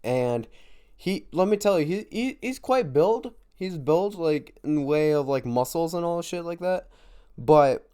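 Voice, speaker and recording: A man's voice: fairly high pitch, lively intonation, measured pace, warm tone, clean tone. A man telling a casual storytime, rambling with constant fillers and swearing. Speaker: vlogger.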